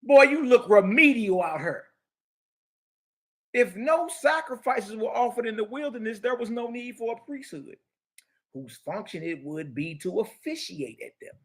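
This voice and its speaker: A man hosting an animated commentary, reading passages aloud and mocking his listeners with slangy, preachy outbursts. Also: extremely high pitch, normal speed. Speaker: show host.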